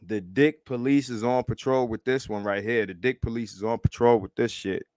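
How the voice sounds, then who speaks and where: A man hosting a live stream, reacting to clips in a profane, animated, repetitive way and laughing often. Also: medium pitch, normal speed, dry recording, studio quality. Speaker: livestream host.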